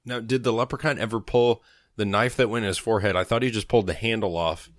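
A man reads a film's plot aloud on a casual podcast, now and then breaking into a chuckle. His voice sits on the low side, recorded close and dry with no room around it. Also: fairly even intonation, fast, no echo. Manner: reads plot summaries, laughing at times. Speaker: podcast co-host.

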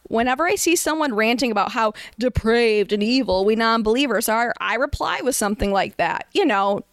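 A woman's voice: on the high side, no room sound, lightly acted. A woman doing a flustered male troll, defensive. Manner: defensive, stammering explanations. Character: exasperated male atheist troll, sensible adult. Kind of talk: satirical story reading.

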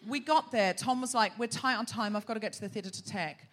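Her voice is on the high side and a little fast as this Australian woman runs a live comedy podcast in a theatre, ribbing the audience. Crowd noise and a faint background hum are audible.

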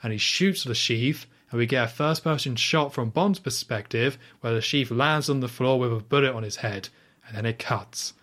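A young man talks through a film scene in a relaxed, conversational way, filling gaps with ums and likes. He quotes the characters' lines as he goes and has an ordinary, mid-pitched voice. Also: normal speed. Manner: chatty retelling with frequent fillers and quoted lines. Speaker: podcast host recapping a film. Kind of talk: casual chat.

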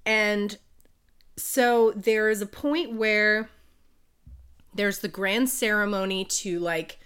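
A woman co-hosting a podcast who retells a book's plot in casual chat. She is animated, swears freely and laughs often. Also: medium pitch, takes it slowly, smooth. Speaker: podcast co-host. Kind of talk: casual book recap chat.

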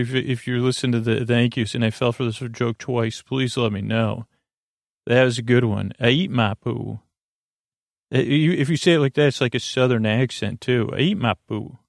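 A man hosting a sleep podcast, reading listener reviews aloud in a meandering, halting way full of fillers and restarts. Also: mid-range voice, vocal fry, no room sound, studio quality.

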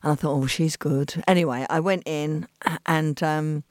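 A woman with an East London accent, a guest telling lively stories in a podcast interview and acting out the voices of the people in them. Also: sits low, normal speed, no echo, clean studio sound. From England. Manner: animated storyteller acting out quoted voices.

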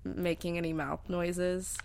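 A woman with a creaky, gravelly voice chats casually on a podcast. She mostly reacts in short, giggly remarks. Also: lowish voice, little pitch movement, measured pace, a little mellow. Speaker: podcast co-host. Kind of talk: casual chat while watching a film.

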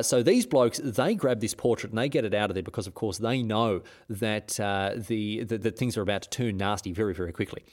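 A man hosts a comedic history podcast in a mid-range voice. He rambles irreverently, often trips over words and starts again, and mocks the people in his stories. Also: medium pitch. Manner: irreverent, rambling, with stumbling restarts. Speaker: host.

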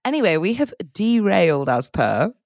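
A woman co-hosting a podcast, chatting casually and laughing a lot as she tells animated stories. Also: lowish voice, moderate pace, dry recording, studio quality. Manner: giggly, animated storyteller doing silly quoted voices. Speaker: podcast co-host. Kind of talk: casual chat.

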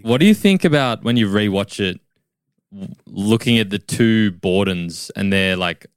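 A man's voice: on the low side, expressive, a little slow, clean tone, no room sound, studio quality. A man raising points and asking questions in a casual film podcast chat. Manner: raises points, asks the group questions. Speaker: podcast co-host.

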